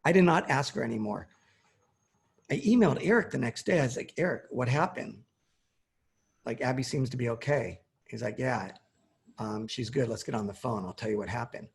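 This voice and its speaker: A man's voice: mid-range voice, animated, normal speed, creaky. A man in his forties telling a personal story in casual conversation, acting out the quoted dialogue.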